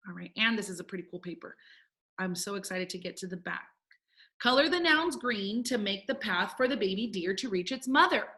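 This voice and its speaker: A woman's voice: medium pitch, lively intonation, a little slow, pauses often, background noise. A woman teaching a first grade phonics lesson, upbeat and encouraging as she talks to young children. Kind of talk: recorded remote phonics lesson.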